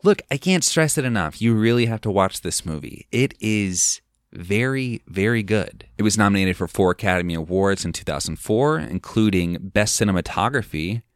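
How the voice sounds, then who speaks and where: Low-voiced man casually recapping a film. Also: lively intonation, fairly quick, hardly any pauses, no echo, clean studio sound. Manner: rambling, filler-heavy retelling. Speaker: podcast host.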